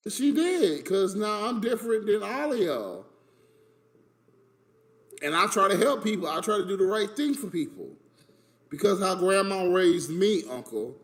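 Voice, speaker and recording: A man telling a story about his family in an animated, emphatic way. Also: sits high, moderate pace. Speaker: streamer in a played clip. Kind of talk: casual storytelling rant.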